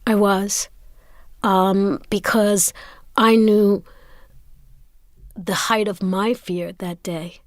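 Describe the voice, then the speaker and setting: A woman telling a personal story as an interview guest, animated and stammering into repeats. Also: medium pitch, extremely slow, pauses often, no echo, clean studio sound. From Brooklyn, New York. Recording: music playing underneath.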